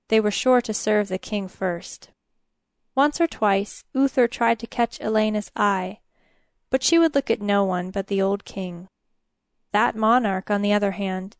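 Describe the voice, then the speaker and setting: A woman narrating a fairy tale from a storybook in a steady, measured reading. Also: mid-range voice, no echo, studio quality.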